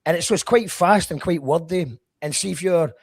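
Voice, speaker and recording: A man's voice: a little high, normal speed, husky. A man hosting a casual chat, self-deprecating and chatty. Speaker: podcast host.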